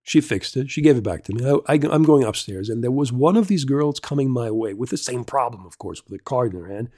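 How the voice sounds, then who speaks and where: A man's voice: medium pitch, brisk, a little mellow, no echo. A man hosting a casual solo podcast, rambling through a story with lots of restarts, fillers and swearing. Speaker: podcast host.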